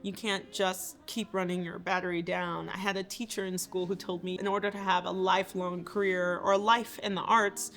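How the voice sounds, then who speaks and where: A woman's voice: on the low side, level tone, moderate pace, creaky, few pauses, fairly bright tone. A woman composer and theater maker talking about her work in a thoughtful, earnest way. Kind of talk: reflective interview talk.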